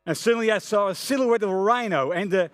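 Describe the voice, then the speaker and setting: Animated Dutch-accented man telling a story. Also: high voice, quick pace, no echo. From Netherlands. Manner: animated, many hesitations and restarts. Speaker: conference speaker, front-end architect. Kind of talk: storytelling conference talk. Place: conference hall stage.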